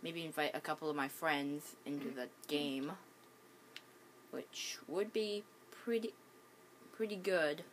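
A woman with a deep voice and the hiccups gives casual gameplay commentary at home as a gaming channel host. She speaks slowly and hesitantly, with many ums and restarts, over slight background noise.

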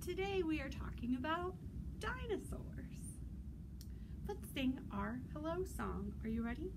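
A high-voiced woman hosts a children's storytime at a slow, careful pace. She speaks in a singsong, animated way and breaks into loud playful roars. A faint noise runs under the recording. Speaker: children's librarian.

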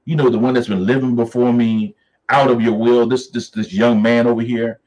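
A man leading a Bible study, reading scripture aloud slowly and then riffing on it in a lively, preacherly way. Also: mid-range voice, low-quality recording.

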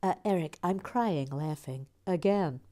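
A woman's voice: fairly low pitch, unhurried, dark tone. A woman hosting a LEGO building livestream, chatting playfully, reading out viewer comments and scatting little nonsense tunes as she builds.

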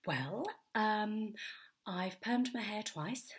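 A woman's voice: medium pitch, animated, drawn-out words. A woman comedian at home doing a self-mocking, rambling comic monologue full of fillers. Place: home during lockdown.

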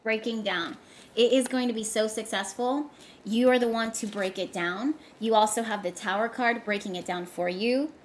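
A fairly high-pitched woman reads tarot for her viewers at a moderate pace. She's casual but emphatic, repeating herself often for effect, and there's slight background noise.

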